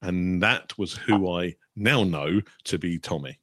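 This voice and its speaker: A man's voice: low voice, measured pace, a bit bright, no echo, clean studio sound. A British man, a medium and guest, telling a long personal story on a chat show with many fillers and restarts.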